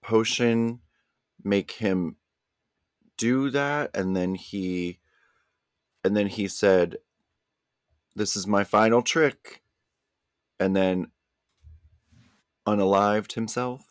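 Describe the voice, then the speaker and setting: A man's voice: lowish voice, extremely slow, pauses often, no room sound. A man who is a guest on a podcast, talking in casual comedic chat with a dry, exasperated manner.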